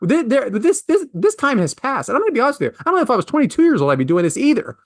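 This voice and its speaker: Rapid-fire and with wildly swooping pitch, a man in his forties, a podcast host, tells a story in a casual, exasperated rant. He veers from low mutters to high outbursts, recorded in a clean studio with no echo.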